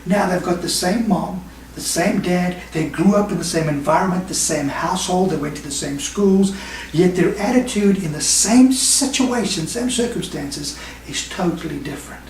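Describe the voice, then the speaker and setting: Male pastor, emphatic sermon delivery, fairly high voice, distant mic in a roomy hall. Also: darkish tone, slight background noise. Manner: emphatic preaching, quick bursts and slow stressed phrases. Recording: echoey room, mic at a distance.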